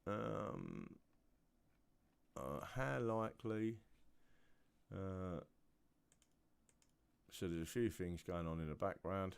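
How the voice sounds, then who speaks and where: A tired man hosting a casual livestream, rambling and chatty, often trailing off into low muttering. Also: animated, slow, vocal fry, pauses often, smooth, no echo. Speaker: livestream host.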